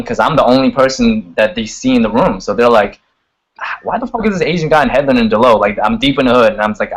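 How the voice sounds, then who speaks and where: Young dude on a video chat, kinda low voice, says like a lot, cusses casually. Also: male voice, poor audio. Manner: relaxed, fillers like "like" and "you know", swears freely. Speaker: guest singer and rapper. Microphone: video call.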